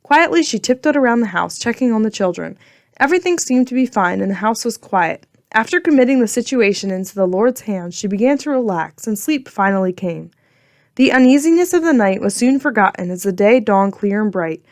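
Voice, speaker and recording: A woman narrating a children's storybook in a clear, gentle storytelling manner. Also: mid-range voice, animated, a little fast, no echo, clean studio sound. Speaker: audiobook narrator.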